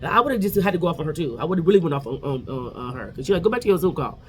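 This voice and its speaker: A man hosting a vlog, giving an animated, sassy casual recap of a reality TV episode. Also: a little high, very fast, a little hiss or hum. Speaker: vlog host.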